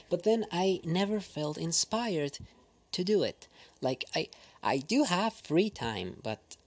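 A man with a Spanish accent whose first language is Spanish, an audio creator talking in a casual, reflective monologue, hesitant and full of pauses, sometimes dropping to a near-whisper. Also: medium pitch. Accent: Spanish-speaking.

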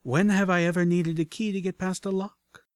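A man's voice: mid-range voice, brisk, a bit bright, no room sound, studio quality, natural voice. A man reading an audiobook voices a determined young female pony, urgent and breathless.

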